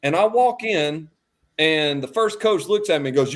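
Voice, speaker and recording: A man telling a lively story as a podcast guest, acting out quotes and laughing often. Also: on the high side, normal speed. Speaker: podcast guest, former quarterback. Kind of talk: animated storytelling.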